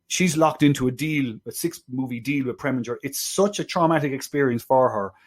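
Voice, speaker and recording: A man co-hosting a film podcast, talking casually with lots of restarts and wry asides. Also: mid-range voice. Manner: halting, many restarts, wry. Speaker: podcast co-host.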